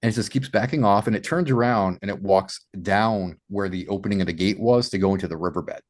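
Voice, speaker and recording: A man from Massachusetts, a podcast guest, telling his story in an animated way with many "you know" fillers. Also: fairly low pitch, brisk. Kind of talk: storytelling in an interview.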